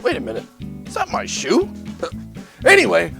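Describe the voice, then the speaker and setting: A woman's voice: mid-range voice, moderate pace, creaky, music in the background, full character voice. A woman playing a goofy, scatterbrained cook in a children's church video who talks in a silly, jumpy way. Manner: silly, jumps between excited and muttering.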